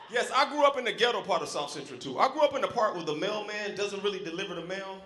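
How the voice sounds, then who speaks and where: A man from South Central Los Angeles doing a loud, animated stand-up set, acting out characters. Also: sits high, very fast, hardly any pauses, roomy sound. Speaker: stand-up comedian. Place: comedy club stage. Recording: live club crowd noise. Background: laughing club audience.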